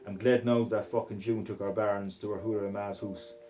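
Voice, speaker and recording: A man's voice: on the low side, level tone, moderate pace, dark tone, soft background music, poor audio. A man reading a crude novel aloud in a put-on Scottish accent, in a profane, aggressive first-person voice. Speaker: reader.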